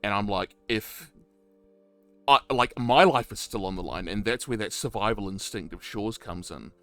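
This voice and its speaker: A man with a low voice talks casually and enthusiastically. He swears freely and laughs easily as he retells his part in a game, with faint music behind him. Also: moderate pace, bright, forceful tone, dry recording. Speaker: roleplayer interviewee. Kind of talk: casual chat.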